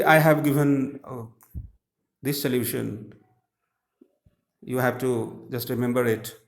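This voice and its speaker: A man, explaining textbook grammar answers slowly, with many pauses and fillers. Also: mid-range voice. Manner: slow, halting, many "uh" fillers. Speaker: English teacher.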